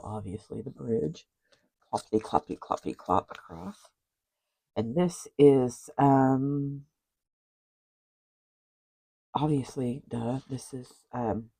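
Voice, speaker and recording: A craft vlogger chats her way through a handmade journal, rambling and tossing in asides and apologies. Her very deep voice is warm with vocal fry and a breathy edge, and the audio is poor.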